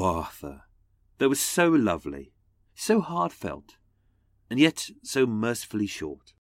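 A man narrating a scripted talk with sarcastic, theatrical asides. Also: medium pitch. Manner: mocking, theatrical. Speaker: podcast host.

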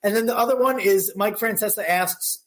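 Rambling young man, slightly high voice. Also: moderate pace, a little hiss or hum. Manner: rambling, laughing storyteller. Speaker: podcast co-host. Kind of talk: casual chat.

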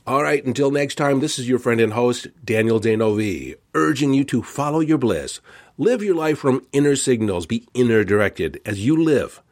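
A man's voice: mid-range voice, animated, normal speed, a little mellow. A man hosting a self-help podcast, talking earnestly and stressing repeated phrases with a set tonality. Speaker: podcast host.

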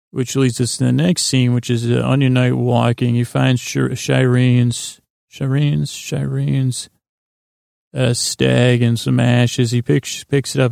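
Very gravelly, flat-voiced man rambling. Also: medium pitch, dry recording, clean studio sound. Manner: meandering, loose retelling with many fillers. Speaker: podcast host. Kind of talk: rambling bedtime episode recap.

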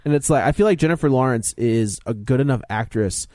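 A man's voice: medium pitch, quick pace, darkish tone, dry recording, studio quality. A man co-hosting a podcast, rambling through a movie plot recap with lots of fillers. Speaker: podcast co-host. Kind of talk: casual movie review chat.

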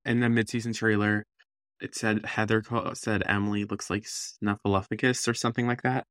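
A man co-hosting a casual podcast chat in a laid-back, wry, deadpan way. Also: on the low side, normal speed, dry recording, clean studio sound. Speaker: podcast co-host.

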